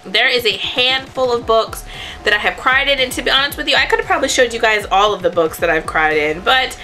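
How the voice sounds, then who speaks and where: Young female vlogger, casual and rambling, bright tone, light music bed underneath. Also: a little high, expressive, a little fast. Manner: chatty, rambling, self-correcting. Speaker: book vlogger. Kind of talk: casual chat to camera.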